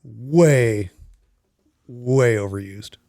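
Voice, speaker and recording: A man's voice: medium pitch, very slow, mellow, no room sound, clean studio sound. A man co-hosting a casual podcast chat, wry and laughing, often restarting his sentences. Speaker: podcast co-host.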